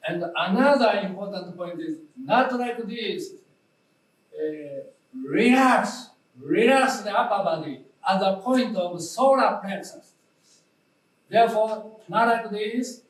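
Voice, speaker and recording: A man with a Japanese accent, a native Japanese speaker, guiding a posture demonstration in halting English and repeating his key instructions. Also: sits high, lively intonation. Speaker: meditation instructor. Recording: roomy lecture hall, voice from a distance.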